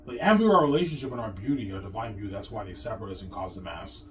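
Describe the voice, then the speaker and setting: A man rants quickly in a low voice, circling back to the same complaints. He sounds far from the mic, with steady noise underneath. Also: soft background music. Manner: ranting, repetitive, fast. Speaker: vlogger. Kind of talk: rambling monologue.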